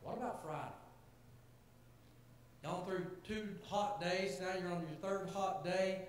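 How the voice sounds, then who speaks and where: A man's voice: high voice, unhurried. A man preaching a sermon to his congregation in an earnest, conversational way, building to emphatic points. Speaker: pastor. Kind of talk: sermon to a church gathering. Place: church sanctuary. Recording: very echoey church hall, faint hiss.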